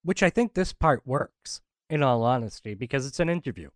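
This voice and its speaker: A man's voice: medium pitch, animated, a little fast, dry recording. Easygoing podcast guy, dry sound. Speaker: podcast co-host. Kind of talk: casual chat.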